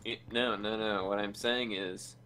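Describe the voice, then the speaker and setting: A man's voice: on the low side, fairly even intonation, measured pace, sharp tone. A man casually chatting with a teammate during a multiplayer game, laid-back and joking. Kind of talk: casual gaming chat.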